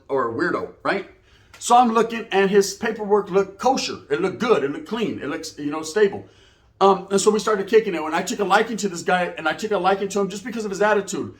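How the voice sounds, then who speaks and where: High-pitched streetwise storyteller man. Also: fairly bright tone. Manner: streetwise slang, acts out dialogue, frequent "you know what I mean". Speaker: storyteller recounting prison life. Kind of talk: casual storytelling.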